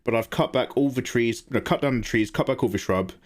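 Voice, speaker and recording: A man hosting a live drawing stream, chatting casually and reacting to viewer messages, laughing often. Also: fairly quick. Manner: chatty, animated, laughs often, jumps to high pitch when excited. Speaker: art livestream host. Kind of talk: casual chat while drawing, reading chat.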